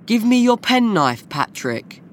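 A woman reading a storybook aloud and voicing a clever, calm young boy. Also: on the high side, unhurried.

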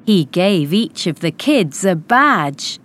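A woman reading a children's storybook aloud in a slow, clear and careful way. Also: on the low side, big pitch swings, fairly bright tone. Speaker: narrator.

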